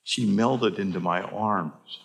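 An older man preaching as a pastor, telling stories in an earnest, halting way with frequent restarts. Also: deep voice, gravelly. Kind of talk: sermon storytelling.

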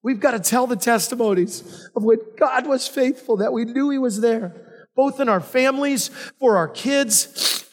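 A male pastor with a very high voice preaches at a measured pace, weaving in personal stories in a conversational manner. The long reverb of a hall surrounds him.

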